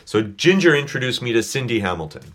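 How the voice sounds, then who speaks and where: A man's voice: medium pitch, big pitch swings, fast, a bit bright. A man telling a personal story as a podcast guest, earnest and a little choked up. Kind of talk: casual chat, personal storytelling.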